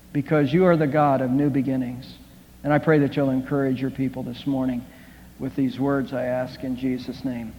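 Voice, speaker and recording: A male pastor with a somewhat high voice delivers an earnest sermon and prayer, pausing and repeating words as he goes. The sound is muffled and dull, with a long reverb from a large sanctuary. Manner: earnest, with frequent halting restarts. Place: church sanctuary.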